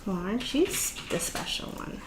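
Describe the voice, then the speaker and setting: A woman's voice: mid-range voice, big pitch swings, normal speed, noisy background. A woman hosting a casual live stream, chatting easily, greeting viewers by name and laughing often. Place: home craft room. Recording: roomy echo.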